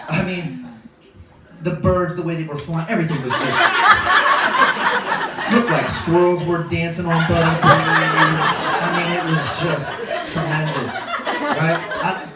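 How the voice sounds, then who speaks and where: A man with a high-pitched voice tells an animated stand-up story, jumping into quoted voices as he goes. He sounds far from the microphone in a very echoey club, with audience noise clearly heard behind him. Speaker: stand-up comedian. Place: comedy club stage. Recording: distant mic, roomy echo, audience noise. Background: audience laughter.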